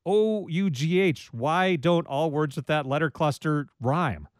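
A man hosts a public radio call-in show, warm in his phrasing and quick to chuckle. His voice sits a little high. The studio sound is dry and close. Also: no room sound. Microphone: studio microphone.

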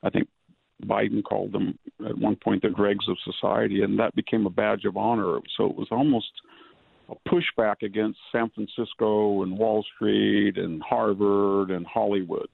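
A male guest, speaking by phone, in a measured manner, laying out long lists of examples. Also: on the low side, level tone, vocal fry, husky, no room sound. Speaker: guest commentator. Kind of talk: political interview over the phone. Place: home in rural California. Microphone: telephone. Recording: tinny phone line.

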